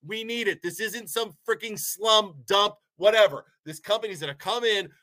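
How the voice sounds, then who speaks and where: A man's voice: high-pitched, moderate pace, hardly any pauses, pushed and bright. A man from Ohio delivering a heated, sarcastic rant as a local commentator, sounding a bit sick. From Poland, Ohio, USA. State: sick, unwell. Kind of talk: ranting monologue.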